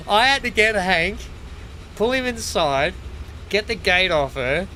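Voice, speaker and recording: A man's voice: high-pitched, slow pace, a little hiss or hum, poor audio. A man chatting casually while playing a game on a livestream, telling stories with frequent laughs. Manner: animated storyteller, laughs often, chatty. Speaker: streamer.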